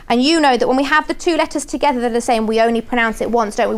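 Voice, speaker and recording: High-voiced southern English woman teacher. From southern England. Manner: clear, encouraging, sounds out words slowly. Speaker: phonics teacher. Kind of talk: classroom phonics teaching. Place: primary school classroom.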